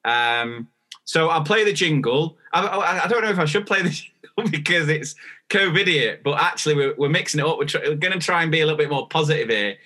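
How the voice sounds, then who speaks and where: A man's voice: fairly high pitch, animated, quick pace, pushed and bright. A man co-hosting a teachers' podcast, chatting casually in a rambling way with lots of restarts. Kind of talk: casual chat.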